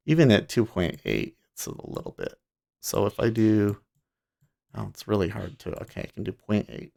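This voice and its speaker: A man with a fairly low voice hosts a livestream, talking casually. He rambles, restarts his sentences and laughs easily as he goes. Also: big pitch swings, creaky, a little mellow. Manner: rambling, self-interrupting, quick to laugh. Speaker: livestream host.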